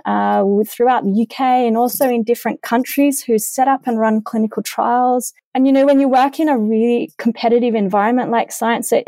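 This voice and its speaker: Earnest woman scientist, mellow voice. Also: on the high side, gravelly, no echo, low-quality recording. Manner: earnest, frequent fillers and restarts, enthusiastic. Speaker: vaccine immunologist guest. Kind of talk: remote interview answers.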